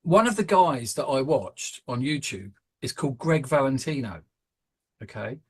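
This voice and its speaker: Rambling British podcast host. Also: male voice, mid-range voice, sing-song, normal speed, breathy edge. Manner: rambling, hesitant, many fillers. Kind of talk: casual podcast chat.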